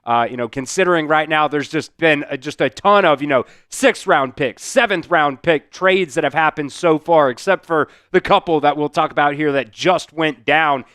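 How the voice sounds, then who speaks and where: A man's voice: on the high side, normal speed, hardly any pauses, fairly bright tone, clean tone, no echo, studio quality. A man hosting a live sports talk stream, speaking casually with many fillers and answering viewer comments from the chat. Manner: casual, rambling, heavy on fillers. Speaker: sports show host.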